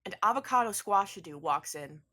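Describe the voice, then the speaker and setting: A woman runs a tabletop game, rambling as she narrates and joking at her own expense. Her voice is bright and tense. Her pitch jumps up and down a lot. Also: lively intonation, fairly quick. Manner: rambling and playful. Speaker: game master.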